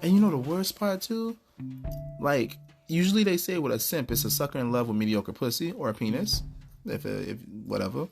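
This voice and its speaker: A man's voice: medium pitch, animated, moderate pace. A man hosting a podcast, talking casually in a blunt, profane rant. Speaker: podcast host. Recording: guitar music playing clearly behind.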